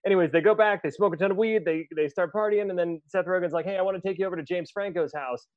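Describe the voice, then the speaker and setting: A man with a voice on the higher side, talking fast and excitedly as he rambles through a film recap and laughs along the way. The sound is dry and close, with a slightly muffled, lo-fi edge. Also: no echo. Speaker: podcast co-host. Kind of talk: casual chat, fast plot recap.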